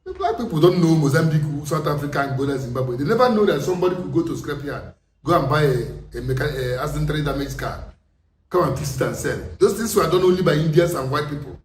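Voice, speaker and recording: A man with a Nigerian accent delivering an impassioned political monologue, forceful and full of rhetorical questions. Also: a little high, expressive, fast. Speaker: commentator. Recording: echoey room, distant mic, faint noise.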